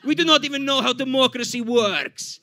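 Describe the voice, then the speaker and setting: A man's voice: very high voice, fairly quick, sharp tone, no echo, clean studio sound, exaggerated voice. A man voicing a boastful male Russian official with a heavy mock accent, for a standup comedy bit. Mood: blustering.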